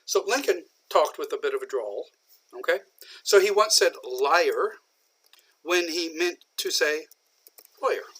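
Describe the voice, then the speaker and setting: A man from southern Indiana, patiently explaining an English idiom in a recorded lecture, with many pauses and fillers. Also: on the high side, expressive, fairly bright tone, slightly rough. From southern Indiana, USA. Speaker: English teacher.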